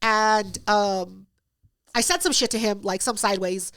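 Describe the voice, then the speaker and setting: A woman's voice: mid-range voice, measured pace, fairly bright tone. A woman hosting a podcast, telling a story in casual, profane chat and acting out both sides of it. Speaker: podcast host.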